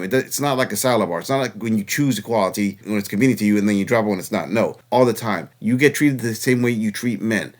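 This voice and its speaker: A man hosting reaction commentary, sarcastic and mocking in a lecturing tone. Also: on the low side. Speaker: channel host reacting to clips.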